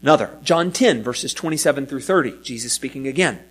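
A man's voice: mid-range voice, animated, brisk, a bit bright, breathy edge. A man preaching a sermon that teaches from scripture, with an emphatic delivery that keeps rising and falling and now and then repeats a word. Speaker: pastor.

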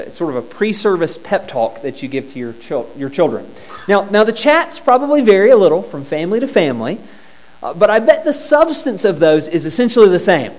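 A male preacher with a high, bright-pitched voice that swoops up and down as he teaches. His sermon delivery is conversational and lightly humorous, and he often doubles back on a word before pushing on. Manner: repeats words as he restarts phrases.

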